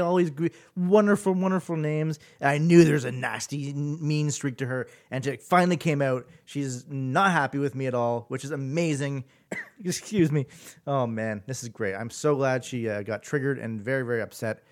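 A man's voice: fairly high pitch, moderate pace. Male podcast host, easygoing solo monologue with lots of restarts and chuckles. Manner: chatty, amused, trails off and restarts often.

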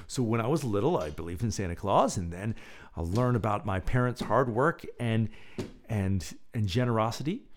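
A man hosting his own podcast, reading a reflective essay aloud and then guiding listeners through a gentle breathing exercise. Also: mid-range voice. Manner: soft, gentle and reflective, hushed when counting breaths. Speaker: podcast host.

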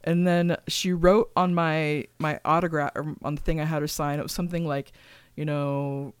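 A woman's voice: deep voice, flat delivery, moderate pace, clean tone, dry recording. Casual swearing woman podcast co-host. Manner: emotional storyteller, swears freely, laughs often. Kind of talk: casual chat.

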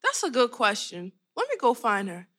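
A woman's voice: a little high, huge pitch swings, moderate pace, pushed and bright, heavily acted. A woman voicing blunt twelve-year-old Olive. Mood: indignant. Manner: blunt, questioning. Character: blunt twelve-year-old girl seeking her father. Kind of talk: audio drama acting.

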